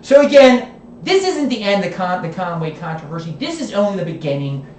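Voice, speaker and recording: A woman's voice: fairly low pitch, very animated, a little fast, darkish tone, distant mic, a little hiss or hum. A woman political vlogger giving a heated, scolding rant, often tagging her points with "okay?". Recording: roomy echo, voice away from the mic.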